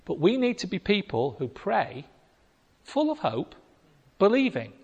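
A man preaching a sermon, telling a Bible story with lively acted-out voices. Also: high voice, measured pace, pauses often, husky, highs cut off. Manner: animated storytelling, acting out voices. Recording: long reverb of a hall.

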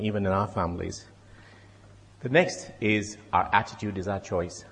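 A man's voice: fairly low pitch, moderate pace, gravelly, fairly bright tone, slightly rough. A man and doctor giving a conversational sermon, often repeating words and adding wry asides. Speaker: lay preacher and doctor. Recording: long reverb in a hall.

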